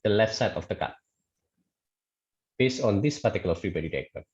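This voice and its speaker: Lively low-voiced lecturer, lo-fi audio. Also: male voice, a little fast. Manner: hesitant, many fillers and restarts, checks with "okay". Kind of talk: online statics lecture.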